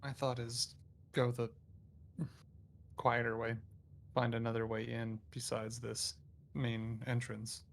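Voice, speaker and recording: A man's voice: medium pitch, monotone, slow, creaky, pauses often. A man playing a tabletop game, chatting casually and laughing easily. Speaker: player. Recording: faint background noise.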